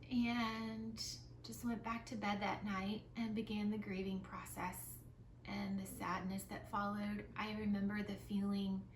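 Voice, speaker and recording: A young woman vlogger telling a personal story in a soft, tearful voice, with lots of filler words. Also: mid-range voice, a little hiss or hum. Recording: roomy, slightly distant mic with soft music.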